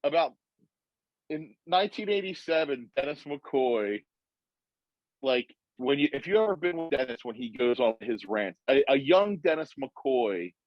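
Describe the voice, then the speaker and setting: A man's voice: mid-range voice, a little slow, no room sound, dull audio. A man telling stories in a casual podcast chat, slipping into impressions of other people. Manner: animated, breaks into put-on voices and laughs. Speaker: podcast guest.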